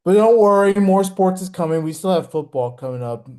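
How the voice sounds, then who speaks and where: Mellow rambling sports podcast man. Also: sits high, expressive, brisk. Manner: rambling, hesitant, restarts and filler. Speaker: podcast host. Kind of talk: casual sports chat.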